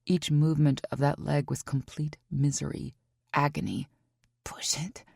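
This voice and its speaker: A woman narrates a romance audiobook in a low, gravelly voice. Her tone is dark and husky, the delivery intimate and emotive. The recording is dry and close. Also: flat delivery, moderate pace, dry recording. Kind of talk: scripted first-person romance narration.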